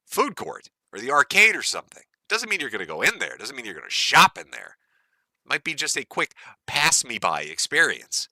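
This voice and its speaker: A man's voice: medium pitch, pushed and bright, no room sound, clean studio sound. A man from the United States hosting a live stream, ranting in a profane, mocking and gleeful way. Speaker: stream host.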